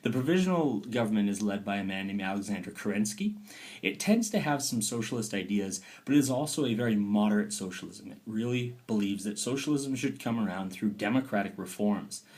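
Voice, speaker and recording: A man teaching a recorded history lesson, lively and talky, now and then dropping to a playful whisper. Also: lowish voice, fairly quick. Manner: lively, dips into playful whispers and mock quotes.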